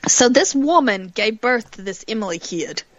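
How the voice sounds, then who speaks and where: A woman's voice: on the high side, expressive, normal speed, no room sound. A woman co-hosting a movie commentary podcast, chatty and a little tipsy. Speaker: podcast co-host. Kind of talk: casual movie commentary chat. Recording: dry, dull lo-fi sound.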